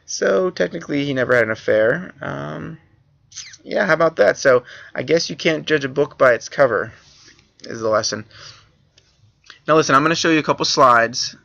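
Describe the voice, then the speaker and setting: History teacher guy, casual and jokey, gravelly bright voice, kinda muffled recording. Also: fairly high pitch, animated, moderate pace. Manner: casual, joking asides. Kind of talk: classroom review lecture.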